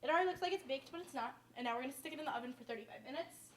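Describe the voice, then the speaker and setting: This young Westchester woman, with her downstate New York accent, hosts a relaxed cooking demo, chatting and rambling with plenty of "like". She sounds high-pitched and races along, over a faint hiss or hum.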